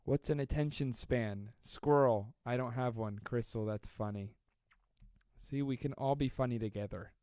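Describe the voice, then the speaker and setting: Fast-talking joking young man host. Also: medium pitch, warm tone, smooth, no echo, clean studio sound. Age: 20s. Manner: fast, joking, self-deprecating. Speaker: livestream host. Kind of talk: live-stream chat reading viewer comments.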